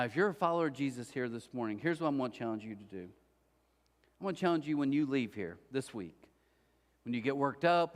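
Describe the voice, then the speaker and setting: A man preaching a sermon as a pastor, telling a story with lively quoted voices before easing into soft, earnest prayer. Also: a little high. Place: church auditorium, indoors. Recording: long hall reverb.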